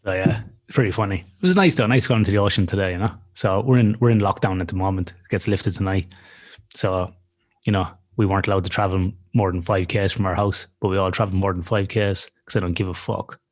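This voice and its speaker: Aussie bloke telling a yarn on a podcast, swears a lot, kinda deep voice. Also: male voice, quick pace. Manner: profane, animated storyteller. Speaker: podcast co-host. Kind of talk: casual storytelling chat.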